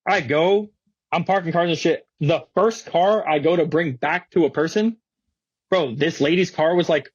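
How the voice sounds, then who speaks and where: A young man with a slightly high, husky voice rattles through a story in heavy street slang, swearing freely and putting on other people's voices as he goes. The recording is dull and close, with no room sound at all, like a muffled studio mic. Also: moderate pace, no room sound. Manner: slangy, animated, swears a lot, acts out quotes. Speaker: guest skateboarder. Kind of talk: casual storytelling.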